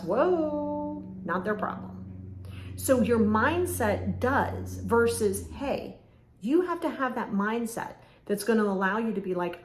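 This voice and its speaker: A woman coach hosts a podcast, delivering a motivational monologue in a direct, emphatic way and acting out bits of dialogue. Her medium-pitched voice is animated and moderately paced. The room is echoey with faint ambience, and a lawnmower runs outside.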